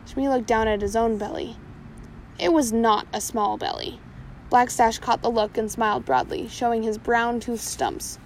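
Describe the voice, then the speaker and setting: A woman's voice: a little high, animated, normal speed, slight background noise, rough recording. A woman reading a pirate storybook aloud, now and then stumbling and correcting herself. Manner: reads with small slips and self-corrections.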